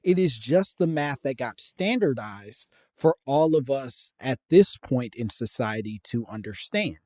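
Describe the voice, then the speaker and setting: A man hosting a casual podcast, loose and joking, breaking into loud laughs. His pitch is middling. The recording is dry and close, with no room echo. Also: expressive, unhurried. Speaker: podcast host.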